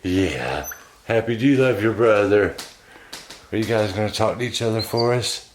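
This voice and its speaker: A man's voice: fairly low pitch, moderate pace, echoey room, a little hiss or hum. A man hosting a casual pet vlog from his home, chatting to his pets in a doting, chuckly way. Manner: doting, chuckling, softens to cooing. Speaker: pet owner and channel host.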